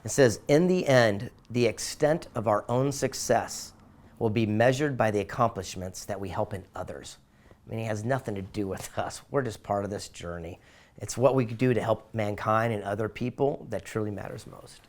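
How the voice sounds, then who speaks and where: Enthusiastic storytelling man, mid-pitched. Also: moderate pace. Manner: enthusiastic, acts out voices in anecdotes. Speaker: interview guest, author and speaker. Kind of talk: animated storytelling in an interview.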